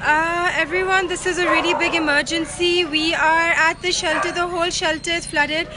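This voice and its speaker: A tired, tearful woman pleading for help on a live phone video from a flooded street, speaking haltingly with many restarts. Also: very high voice, fairly even intonation, very noisy. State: crying; exhausted. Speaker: animal shelter worker.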